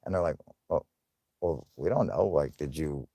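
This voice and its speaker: A young man hosting a casual livestream, swearing often, laughing, and loudly thanking viewers for donations. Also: rumbling low, moderate pace, slightly rough, no room sound. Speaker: livestream host.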